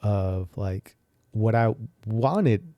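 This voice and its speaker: A man's voice: fairly low pitch, expressive, extremely slow, no room sound, dull audio. A young man hosting a podcast, candidly telling a personal story in a rambling way, with many fillers and restarts. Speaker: podcast host.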